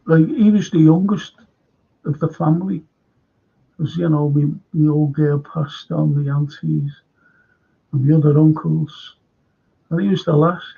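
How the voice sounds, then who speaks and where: A man's voice: fairly high pitch, vocal fry, warm tone, husky. An older man with a Liverpool accent hosting a live fan stream, chatting casually, reading comments and rambling through anecdotes with restarts. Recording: dull lo-fi stream audio.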